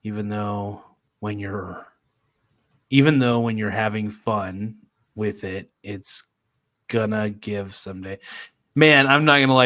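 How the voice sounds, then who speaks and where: A man's voice: mid-range voice, fairly bright tone, no room sound, studio quality. A man hosting a casual livestream, reading viewer comments aloud and laughing often. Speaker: livestream host.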